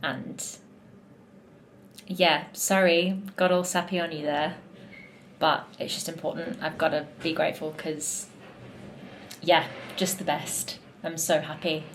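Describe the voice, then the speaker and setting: A woman's voice: sits low, little pitch movement, measured pace, long pauses, a little hiss or hum. A young woman in casual vlog chat, talking in a gushing, heartfelt way as a musical theatre performer backstage.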